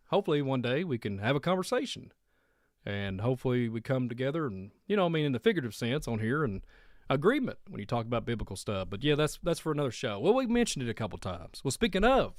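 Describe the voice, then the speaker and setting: A man's voice: mid-range voice, dry recording, clean studio sound. A man from Kentucky with a country accent, hosting a casual monologue, rambling and laughing often. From Kentucky, USA. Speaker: host. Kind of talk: casual radio-style monologue.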